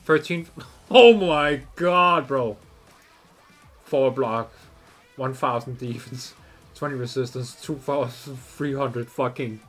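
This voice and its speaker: A man's voice: medium pitch, takes it slowly, long pauses, fairly bright tone, faint music behind. A man giving gameplay commentary, swearing often and ranting in frustration at the game. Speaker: gaming channel host.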